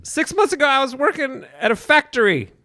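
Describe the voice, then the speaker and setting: A drunk, scatterbrained young woman influencer, as a man puts her on, squealing way up high and swooping wildly. She stumbles over her words and giggles as she goes, bright and sharp in tone. The sound is dry and close. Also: big pitch swings, fairly quick, dry recording, heavily acted. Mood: rambling. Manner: giddy, stumbling, laughing through lines. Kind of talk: comedy script table read.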